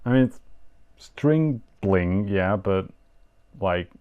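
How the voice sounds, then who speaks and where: A man's voice: deep voice, expressive, takes it slowly, darkish tone, clean tone, muffled recording. A man with a German accent hosting a yo-yo show, rambling and self-mocking through a live unboxing. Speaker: yo-yo show host.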